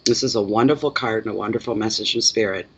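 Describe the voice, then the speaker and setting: A man's voice: lowish voice, quick pace, breathy edge, poor audio. A Canadian man giving a chatty live-streamed tarot reading, plainspoken and repeating words for emphasis while he answers chat comments. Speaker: tarot reader.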